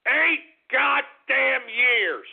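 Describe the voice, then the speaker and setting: A man hosting a talk radio show, ranting in a gloating, mocking way, shouting and cackling. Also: very high voice, expressive, extremely slow, vocal fry, husky. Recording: phone-like lo-fi radio broadcast.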